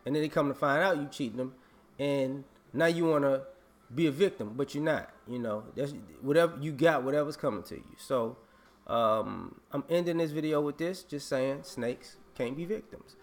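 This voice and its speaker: A man's voice: on the high side, normal speed. A man vlogging a casual opinion rant, emphatic and repetitive, scolding and laughing.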